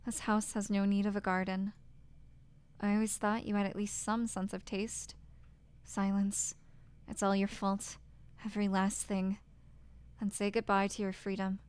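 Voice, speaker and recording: A woman reading the lines of a cold, cruel husband from a game in a flat, contemptuous tone. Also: mid-range voice, unhurried, smooth, natural voice. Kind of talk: reading game dialogue aloud.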